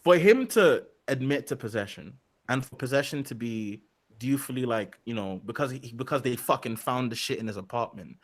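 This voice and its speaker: A man's voice: medium pitch, lively intonation, fairly quick. Crude young Englishman with mixed accent. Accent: English, with some African influence. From England. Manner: crude, mocking, loud bursts of laughing outrage. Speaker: podcast co-host. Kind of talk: casual commentary chat.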